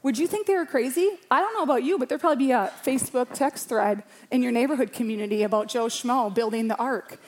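A woman's voice: a little high, fast talker, few pauses, darkish tone, slight background noise. A woman around forty, a pastor, preaching a sermon to a church congregation in a passionate, emphatic way, repeating phrases for rhythm.

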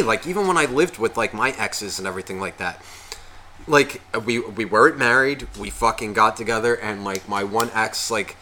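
A man's voice: medium pitch, bright, forceful tone, slight background noise. A man co-hosting a podcast in casual chat, rambling with lots of swearing and fillers. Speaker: podcast co-host.

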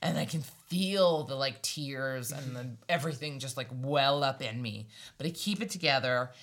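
A woman's voice: very deep voice, moderate pace, a bit bright. A young woman from Hawaii telling a story from her past in a casual way, laughing often and acting out the people in it. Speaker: storytelling guest.

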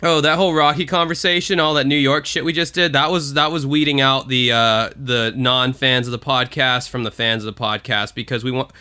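A man hosting a podcast, telling stories in an animated way and swearing often. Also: mid-range voice, a little fast, hardly any pauses, clean tone. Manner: animated storytelling, frequent swearing. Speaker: podcast host. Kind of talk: casual podcast chat.

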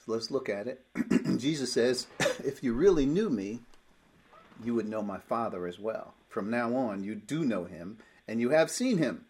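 A man's voice: medium pitch, lively intonation, moderate pace, darkish tone, husky. A man teaching a Bible lesson, explaining verses step by step and reading scripture aloud with emphasis.

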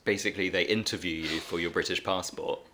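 A man with a low pitch and a bright, forceful tone tells a rambling story in relaxed podcast chat. He talks in an easy way, with small restarts and asides. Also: quick pace. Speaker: podcast co-host. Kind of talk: casual chat.

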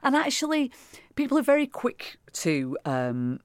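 A woman actor chatting in an interview, animated and talkative, with quick restarts and repeated words. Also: a little high, no room sound, clean studio sound. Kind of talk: casual interview chat.

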